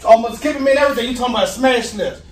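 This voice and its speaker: A man vlogging a prank, arguing in a loud, defensive, slangy way. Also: very high voice, rapid-fire, echoey room, distant mic, a little hiss or hum. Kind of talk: heated casual argument.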